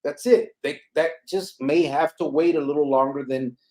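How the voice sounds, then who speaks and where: A man's voice: fairly high pitch, fairly even intonation, moderate pace, a little mellow. A man hosting a podcast, making his point with emphatic rhetorical questions. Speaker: podcast host. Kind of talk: casual chat.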